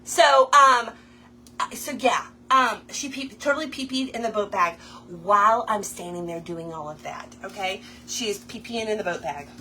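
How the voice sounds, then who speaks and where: With slight background noise behind her, this craft livestream host speaks at medium pitch and a moderate pace. She tells a casual story as she crafts, lively and chatty, and refers to her viewers as y'all.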